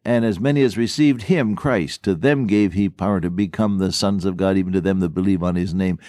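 A man's voice: deep voice, brisk, dark tone, no room sound, clean studio sound. A man preaching a radio sermon, telling folksy stories and acting out little bits of dialogue. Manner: folksy storytelling with acted-out dialogue.

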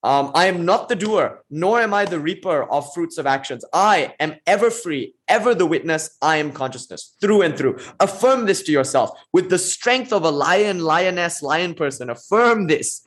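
Man, spiritual teacher, slightly high voice, chanted verses then casual explanation. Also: lively intonation, moderate pace, few pauses. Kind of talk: online class on scripture.

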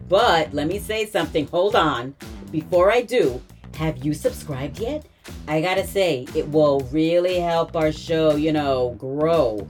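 Lady podcast host doing credits, low voice, playful and chatty, bit of music under. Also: darkish tone. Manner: chatty, playful, teasing asides. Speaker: podcast host and improv actor. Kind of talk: upbeat credits read and improv chat.

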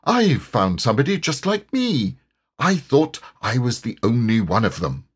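A man's voice: fairly low pitch, sing-song, normal speed, slightly rough. A man voicing Tigger, a bouncy, boastful and cheerful male tiger in a storybook reading.

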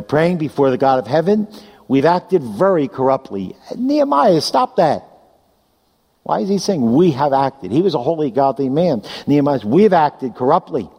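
A man delivers a sermon in an emphatic preaching voice that sits a little high. His words ring out with a long reverb from a large hall. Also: darkish tone. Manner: emphatic preaching, reading scripture aloud.

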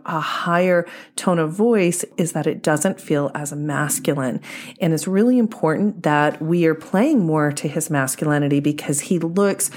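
A woman dating coach speaking a podcast monologue in a steady, explanatory and measured way. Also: low-pitched.

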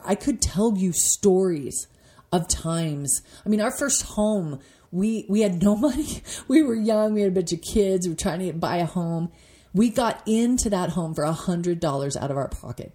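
Earnest woman, mellow voice, devotional talk. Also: lowish voice. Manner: earnest, emotional, voice rising when moved. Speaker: podcast host teaching devotionally. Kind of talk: devotional teaching and personal story.

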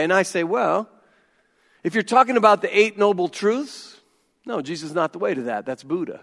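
Emphatic high-voiced pastor in a reverberant hall. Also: male voice, animated, moderate pace. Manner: emphatic, dropping to quiet intensity; humorous asides. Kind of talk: sermon.

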